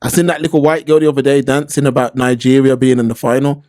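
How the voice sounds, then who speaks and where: A man's voice: medium pitch, little pitch movement, quick pace, darkish tone, no echo, clean studio sound. A man co-hosting a casual talk show, telling stories animatedly and acting out the voices he quotes. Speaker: podcast co-host. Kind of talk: casual discussion.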